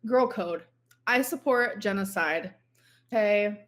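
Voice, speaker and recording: A woman's voice: medium pitch, takes it slowly, fairly bright tone. A woman streamer chatting casually, rambling with many fillers. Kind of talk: casual chat.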